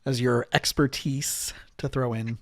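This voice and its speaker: A man's voice: mid-range voice, fairly even intonation, unhurried, dry recording, clean studio sound. A man hosting a podcast as a marriage and family therapist, chatting casually with lots of fillers and restarts.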